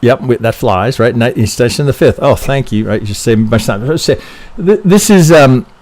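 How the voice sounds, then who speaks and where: A man's voice: mid-range voice, lively intonation, moderate pace, darkish tone. A man reviewing trading charts on a live stream, thinking aloud casually, swearing freely and checking in with "right?" after nearly every point.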